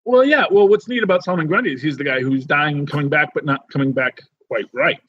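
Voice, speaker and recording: A man co-hosting a podcast in casual chat, rambling and animated with many restarts. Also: on the high side, quick pace, slightly rough, dry recording, highs cut off. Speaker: podcast co-host.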